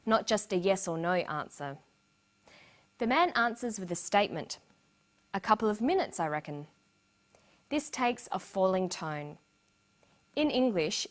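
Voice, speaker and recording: A woman narrating a scripted English lesson with slow, clear explanations. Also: medium pitch. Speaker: English teacher.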